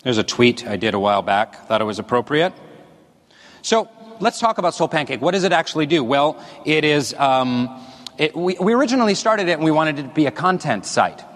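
A man's voice: a little high, lively intonation, a little fast, a bit bright. A man giving a stage talk to an audience, rambling and self-deprecating, joking with the crowd, on a body mic. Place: stage in a large hall. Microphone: wearing a body mic. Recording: long reverb of a large hall.

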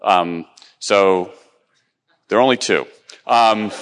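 Man, middle-aged, conference speaker, chatty with ums, mid-pitched voice, long hall reverb. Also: sing-song, fairly quick, fairly bright tone. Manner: chatty, self-deprecating, many ums and restarts. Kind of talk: live conference talk.

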